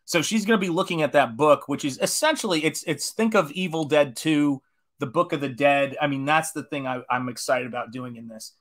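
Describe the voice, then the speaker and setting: A man's voice: a little high, brisk, fairly bright tone. A man in his forties, an artist chatting casually on a live stream while painting, enthusiastic and rambling as he greets viewers. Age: 40s.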